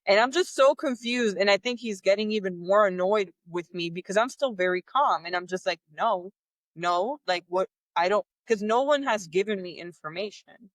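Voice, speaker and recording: A woman's voice: medium pitch, normal speed, no room sound. A woman hosting a podcast, telling a personal story candidly and with frustration, acting out the voices of the people in it. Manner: candid, animated, acts out quoted dialogue; exasperated, frustrated. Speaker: podcast host.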